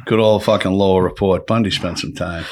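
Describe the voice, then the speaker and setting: Profane storytelling man, lowish voice. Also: steady tone, fairly quick. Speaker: podcast host telling prison stories. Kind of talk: casual storytelling chat.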